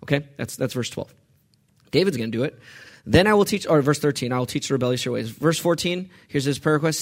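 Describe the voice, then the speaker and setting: Emphatic preacher man, higher voice. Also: expressive, quick pace. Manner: swings from quiet reading to loud, emphatic outbursts; asks the audience questions. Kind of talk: sermon teaching on the Psalms.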